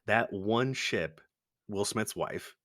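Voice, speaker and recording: A man's voice: fairly low pitch, animated, takes it slowly, a bit bright, dry recording, studio quality. A man co-hosting a podcast, chatting casually about movies, laid-back, swearing and laughing often. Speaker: podcast co-host.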